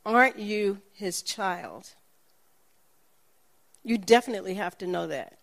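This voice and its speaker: Animated woman preaching a testimony. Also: mid-range voice, measured pace. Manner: animated storytelling, acts out the people in her story. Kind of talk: sermon with personal testimony.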